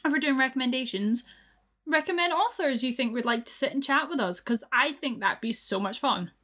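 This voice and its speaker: A woman's voice: high-pitched, animated, a little fast, pushed and bright. A young Scottish woman co-hosting a podcast, chatting casually and laughing often. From Scotland. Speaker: podcast co-host. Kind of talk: casual chat.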